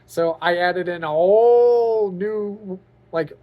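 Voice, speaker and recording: A vlogger and aspiring author speaks to camera in a high voice at a slow pace, the audio dull. He's earnest and openly emotional, rambling with plenty of "like" and "you know."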